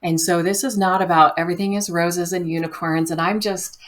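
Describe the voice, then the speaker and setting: A woman speaks as a podcast guest, with a voice pitched a little low for a woman. She talks in a gentle, reflective way and slips into playful quoted inner voices. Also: steady tone, brisk. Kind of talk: conversational interview.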